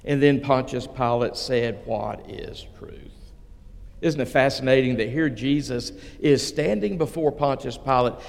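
Gravelly-voiced male pastor preaching in a hall. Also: medium pitch. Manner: slow dramatic retelling with quoted voices. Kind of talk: sermon.

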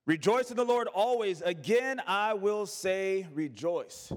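A man's voice: sits high, animated, slow, big-room sound. A male pastor preaching a sermon, asking rhetorical questions and calling on the congregation to repeat words back.

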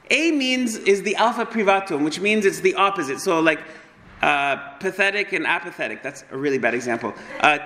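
A man preaching a sermon, passionate, racing through some phrases and slowing to solemn stresses on others. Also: high-pitched, sharp tone. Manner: impassioned, swings between fast bursts and slow solemn stresses. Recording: long hall reverb.

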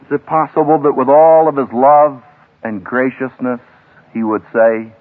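A man preaching a sermon to a graduating class as a seminary professor, emphatic and dramatic, with big swings in pitch and loudness. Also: moderate pace. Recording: tinny lo-fi archival radio broadcast.

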